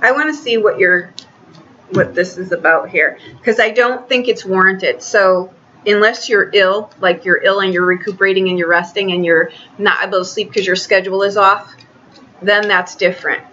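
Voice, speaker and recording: A woman giving a casual tarot reading, talking in a chatty, halting way with many restarts. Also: medium pitch, steady tone, pushed and bright, dull audio, slight background noise. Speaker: tarot reader.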